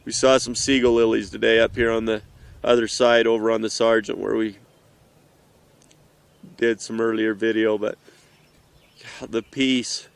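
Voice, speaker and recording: Emotional middle-aged man, smooth voice. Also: lowish voice, level tone. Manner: earnest, halting, with pauses and restarts. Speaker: father. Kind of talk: heartfelt personal message to his children. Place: outdoors in the mountains.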